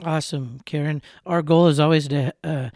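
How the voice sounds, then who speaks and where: A man's voice: fairly high pitch, fairly even intonation, normal speed, darkish tone, dry recording, clean studio sound. A man in his thirties hosting a podcast, speaking earnestly and often repeating words as he searches for them. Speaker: podcast host. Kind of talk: heartfelt conversational interview.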